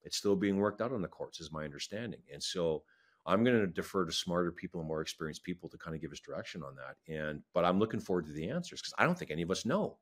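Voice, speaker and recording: A man's voice: low voice, expressive, fast. A man from Manitoba, a wildlife federation science advisor, speaking earnestly and with feeling in an interview, repeating himself for emphasis. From Manitoba, Canada. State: emotional. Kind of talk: passionate interview talk.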